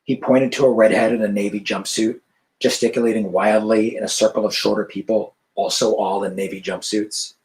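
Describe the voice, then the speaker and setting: Male author, measured literary reading over a video call. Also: lowish voice, little pitch movement, a little mellow, rough recording. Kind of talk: reading his novel aloud.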